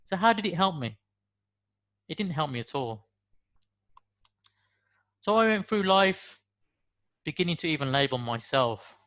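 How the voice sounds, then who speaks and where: A man in his forties with a Brummie accent delivers an earnest motivational monologue. His voice sits a little higher than most men's, and he leans on emphatic rhetorical questions. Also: animated, unhurried, pauses often, a bit bright. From West Midlands, England. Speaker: motivational speaker.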